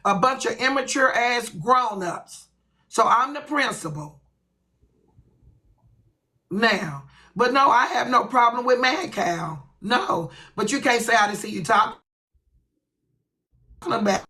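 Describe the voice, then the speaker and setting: A woman's voice: a little high, animated, slow pace, long pauses, pushed and bright, poor audio. A woman hosting her own livestream, ranting bluntly and with lots of profanity. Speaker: livestream host. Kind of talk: ranting live stream.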